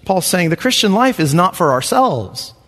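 A man's voice: high voice, very animated, normal speed, fairly bright tone, in a large hall. A man preaching a sermon. He talks earnestly and repeats questions for emphasis. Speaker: pastor.

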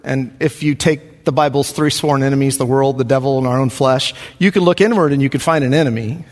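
Man, pastor, earnest sermon delivery at a middle pitch, heard in a church hall with a long tail of reverb. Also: brisk. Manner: earnest, preacherly, repeats questions for emphasis.

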